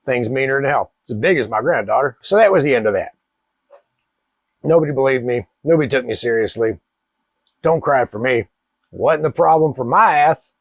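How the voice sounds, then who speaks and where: A man, hosting a cigar channel and telling a wild story in a profane, animated way. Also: mid-range voice, moderate pace, gravelly, pauses often, no echo. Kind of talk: casual storytelling.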